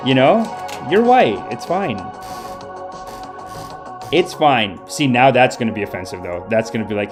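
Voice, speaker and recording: A man's voice: medium pitch, animated, unhurried, pauses often, faint music behind. Rambling man hosting a mock-preachy livestream. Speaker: comedy livestream host. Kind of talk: mock-guru livestream banter. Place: home streaming setup.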